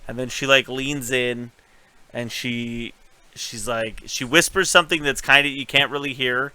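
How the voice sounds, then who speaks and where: A man co-hosting a casual recap podcast, animated and swearing, acting out scenes as he talks. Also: mid-range voice, measured pace, clean tone, no echo, rough recording. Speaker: podcast co-host.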